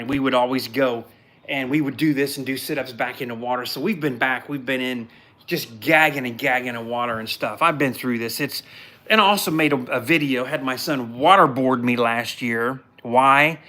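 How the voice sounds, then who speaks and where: Male podcast host, blunt and mocking, animated casual storyteller. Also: mid-range voice, normal speed. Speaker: podcast host recapping a show. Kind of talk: casual live recap.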